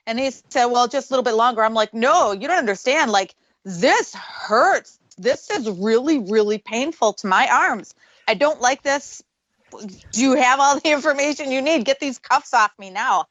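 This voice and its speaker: A woman's voice: a little high, moderate pace, dry recording, low-quality recording. Chatty woman telling a story. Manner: animated storyteller, acts out quoted voices. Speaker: guest paranormal investigator. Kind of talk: casual storytelling on a radio show.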